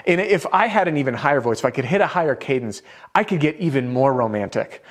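A man's voice: medium pitch, lively intonation, fairly quick. A man teaching sales in an instructional video, speaking to the viewer in an upbeat, direct coaching manner. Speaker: roofing sales trainer.

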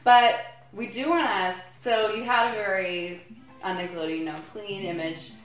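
A woman's voice: mid-range voice, steady tone, normal speed, distant mic. Giggly woman interviewer, echoey room. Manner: giggly, playful. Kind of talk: casual interview chat. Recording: roomy echo from off-mic with music.

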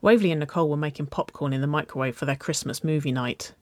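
A woman narrating a children's-style story, reading aloud with a gentle, even delivery. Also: deep voice, fast talker, dry recording.

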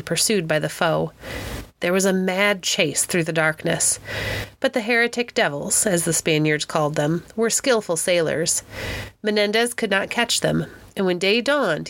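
A woman reading a history storybook aloud as an audiobook narrator, calm and gentle. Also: on the low side.

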